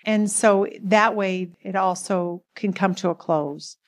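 A woman's voice: mid-range voice, takes it slowly. A middle-aged woman telling a personal marriage story in a chatty way, laughing often. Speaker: co-host speaking about marriage. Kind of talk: casual storytelling talk.

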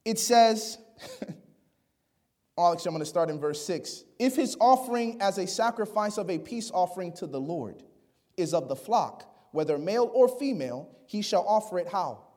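A man preaching a sermon, reading scripture aloud and asking the congregation questions, often dropping to a hushed, near-whispered voice for emphasis. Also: sits high, expressive, normal speed.

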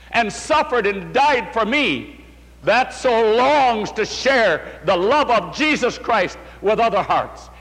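A man's voice: sits high, fairly bright tone. An older man preaching a sermon, telling his story with emotion and calling his listeners "my friends.". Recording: long hall reverb.

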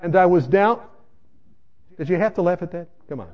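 Brisk and expressive, this fairly high-pitched male voice comes through a muffled recording. He preaches his own testimony as a sermon, recounting his story with emphasis and speaking straight to the audience.

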